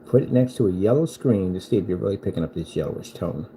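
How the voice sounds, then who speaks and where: Mocking, combative man with a lively voice. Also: sits low, quick pace, a little hiss or hum, rough recording. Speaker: screen paint seller. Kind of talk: heated reaction rant.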